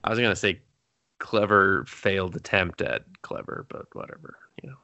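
Young guy riffing casually, bright tone, swears a lot, dead dry room. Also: low voice, animated, creaky, no room sound. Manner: loose, profane, quick asides. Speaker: podcast co-host. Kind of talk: casual chat.

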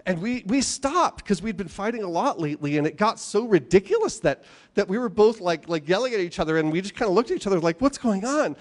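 A male pastor delivering a sermon, his voice sitting a little high for a man and rising and falling widely from line to line. He keeps throwing rhetorical questions at his listeners and slips into the voices of the people he quotes. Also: a little fast, few pauses. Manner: animated storytelling, voicing quoted speakers, rhetorical questions.

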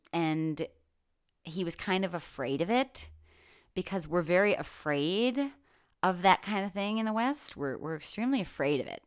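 A woman's voice: fairly low pitch, smooth. A woman hosting a solo podcast, talking candidly and with plenty of swearing, saying "like" often and restarting her sentences. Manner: candid and profane, with lots of "like" and restarts. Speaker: podcast host. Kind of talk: casual solo podcast monologue.

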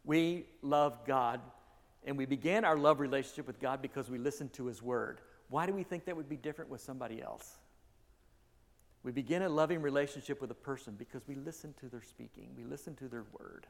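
A man's voice: medium pitch, a little fast. A male pastor giving a conversational sermon, correcting himself as he goes and rising in emphasis at key points. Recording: long reverb of a large hall.

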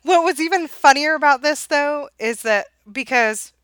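Bright, chatty woman, slightly high. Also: normal speed, no room sound. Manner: chatty, laughs often, trails off into fillers. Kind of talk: casual chat.

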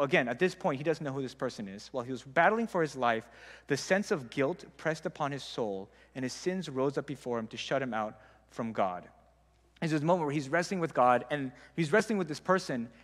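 A young male Bible teacher talks in a fairly high, fairly bright voice, giving a casual, conversational Bible talk packed with "like" fillers. The recording carries a long hall reverb.

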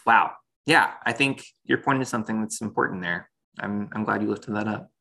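A man's voice: fairly low pitch, brisk, vocal fry, sharp tone. A man co-hosting a casual discussion of a cartoon series, thinking aloud and laughing often. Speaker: podcast co-host.

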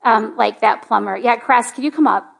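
High-voiced woman preaching chattily. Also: normal speed, gravelly. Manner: chatty, lots of "like", rising to excited. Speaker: pastor. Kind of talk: sermon with personal story. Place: church sanctuary.

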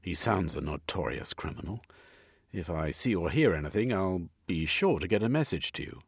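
A genteel gentleman hero, as the narrator plays him, with a low, slightly husky voice, polite and formal and a little hesitant. He is set close to the mic in a dry recording with a faint music bed. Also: animated, normal speed, dry recording, heavily acted.

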